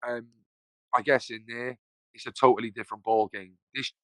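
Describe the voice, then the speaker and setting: A man's voice: mid-range voice, fairly even intonation, normal speed, sharp tone, no room sound, low-quality recording. A man, a podcast guest telling his story casually, rambling, swearing freely and acting out the voices of people he quotes.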